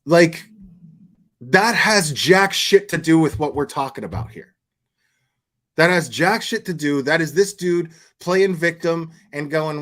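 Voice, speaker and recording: A man doing casual live commentary, telling profane, animated anecdotes and laughing often. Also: on the high side, slow pace, long pauses. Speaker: commentary streamer.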